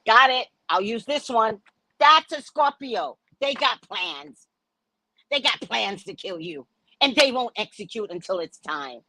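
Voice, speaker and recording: On a podcast, a woman host tells stories in a casual chat, laughing a lot and speaking bluntly with plenty of profanity. She acts out the dialogue with big pitch swings, and her voice is expressive, unhurried, pushed and bright. The recording is dry and rough.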